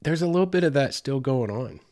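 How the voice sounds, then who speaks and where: A man's voice: mid-range voice, animated, fairly quick, a little mellow, no echo, studio quality. A man in his forties with a Southern US accent, hosting a podcast and telling a rambling, casual story full of asides. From Southern United States. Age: 40s. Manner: chatty and rambling, with asides and fillers. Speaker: podcast host.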